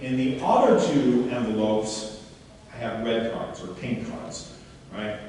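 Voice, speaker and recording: A man giving a live workshop demonstration to an audience and coaching a volunteer on stage in an animated, questioning way. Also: mid-range voice, slow pace, slight background noise. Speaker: seminar speaker. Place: large hall before an audience. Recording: echoey hall, mic far off.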